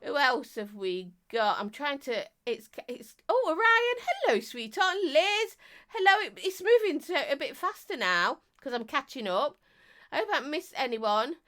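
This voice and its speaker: Croaky woman streamer, higher voice with a lively, swinging pitch, chatty, self-deprecating. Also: normal speed. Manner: chatty, self-mocking, greets viewers warmly. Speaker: live-stream vape reviewer. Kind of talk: casual live-stream chat.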